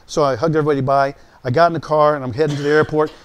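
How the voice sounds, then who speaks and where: A male pastor shares a personal testimony in sermon form, talking straight to his listeners in a conversational way and animatedly acting out the voices he quotes. His voice is a little high, clear and resonant, and he speaks rapid-fire.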